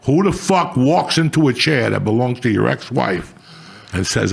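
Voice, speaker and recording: An older man telling profane stories in casual chat, swearing often and working himself up into loud outbursts. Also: mid-range voice, animated, moderate pace, vocal fry, breathy edge. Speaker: comedian, show guest.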